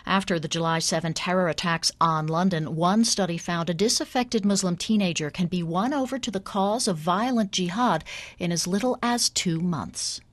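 A woman radio reporter delivers a scripted news story in a measured, crisp voice. Her pitch sits a little low. She was recorded close up in a dry, dead booth. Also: no echo.

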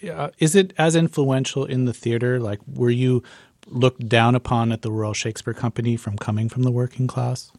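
A man's voice: mid-range voice, steady tone, moderate pace, darkish tone, no echo, clean studio sound. A man interviewing a guest, asking curious questions with hedges and fillers.

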